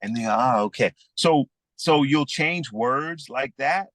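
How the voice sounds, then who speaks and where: A man with a Southern US accent speaks as a podcast guest, swapping stories in an easygoing way. His voice is clear and bright, and the sound is dry and close with no room echo. He drops in a casual "man" now and then. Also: on the high side, slow. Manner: easygoing storyteller, calls people "man". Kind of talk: casual conversation.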